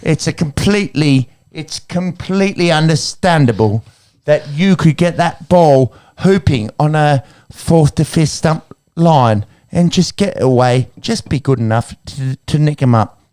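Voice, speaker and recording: A man's voice: fairly high pitch, unhurried, few pauses, a little mellow, close to an everyday voice. A man putting on a hammy, coaxing impression of an actress, talking to a cricketer. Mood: coaxing, teasing. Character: playful mock actress, woman, soothing.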